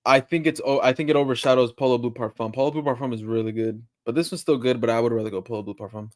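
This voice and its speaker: A man reacting to a video on his stream, chatting casually. He talks quickly, tossing out brief offhand comments in a mid-range voice. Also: mid-range voice, steady tone.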